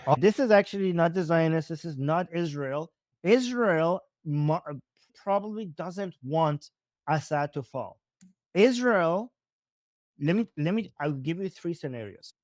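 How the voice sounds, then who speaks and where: A man's voice: fairly high pitch, animated, measured pace, darkish tone, no echo, clean studio sound. A man with a Persian accent giving casual live commentary on videos, thinking aloud with frequent restarts and self-corrections.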